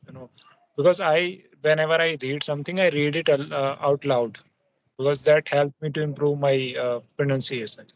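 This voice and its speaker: A man's voice: a little high, fairly even intonation, normal speed, slight background noise. Hesitant man, muffled audio. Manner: hesitant, many fillers and restarts. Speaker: host. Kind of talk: casual conversation practice.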